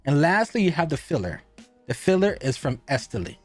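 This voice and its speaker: A man's voice: a little high, very animated, a little fast, soft background music. Chatty man reviewing cigars. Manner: rambling, asks and answers his own questions.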